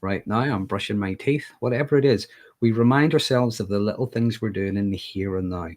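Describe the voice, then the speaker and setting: A man with a Northern Irish accent and a fairly low voice talks casually to a livestream audience. He keeps a conversational flow and checks in with a quick "okay?" as he goes. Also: a little mellow. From Northern Ireland. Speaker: mental health livestreamer.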